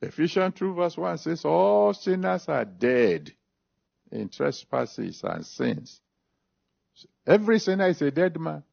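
Slow, gravelly emphatic preacher man. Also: fairly high pitch, very animated. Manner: emphatic, slow, repeats scripture references. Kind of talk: sermon with altar call and prayer. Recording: dull lo-fi recording.

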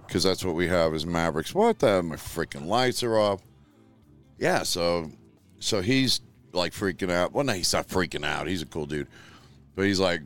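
A man's voice: on the low side, moderate pace, clean tone, soft background music. A middle-aged man hosting a show from a spare room at home, talking in a blunt, rambling, profane way. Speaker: show host. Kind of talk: casual livestream talk.

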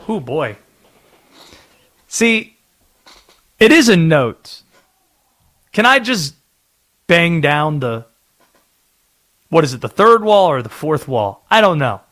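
A man's voice: a little high, big pitch swings, takes it slowly, pauses often, fairly bright tone. A man from North Carolina hosting sports talk radio, chatty and opinionated.

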